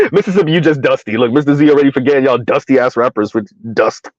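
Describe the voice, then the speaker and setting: A man's voice: medium pitch, animated, quick pace, no echo. A middle-aged man, ranting in a casual comedic way and laughing often, with a sing-song lift on his repeated punchline. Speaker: commentary vlogger. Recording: dry, dull lo-fi recording.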